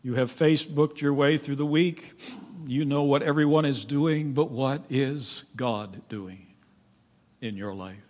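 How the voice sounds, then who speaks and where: A man preaching a sermon in a church, emphatic, swinging from loud pleading to hushed, quiet tones. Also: medium pitch, a little slow. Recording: long reverb of a large hall.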